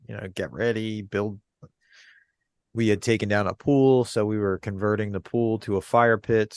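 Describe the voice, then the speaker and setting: A man with a lowish voice chats easily on a podcast, laughing often, close and dry to the mic. His delivery is relaxed and candid. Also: dry recording. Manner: laid-back, laughs easily. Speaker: podcast co-host. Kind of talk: candid casual chat.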